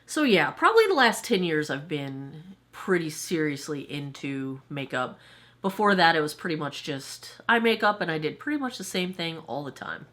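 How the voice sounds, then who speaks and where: A woman's voice: low voice, big pitch swings, moderate pace, a bit bright. Chatty woman in her forties rambling. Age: 40s. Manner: chatty, rambling, self-deprecating. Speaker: beauty YouTuber. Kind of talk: casual Q&A chat to camera.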